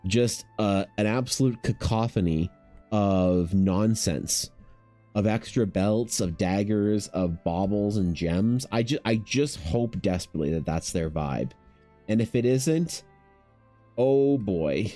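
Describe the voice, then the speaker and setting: An artist streaming commissions chats casually with his viewers, rambling and cracking self-deprecating jokes. He has a deep, dark voice and an unhurried pace, with faint music behind him.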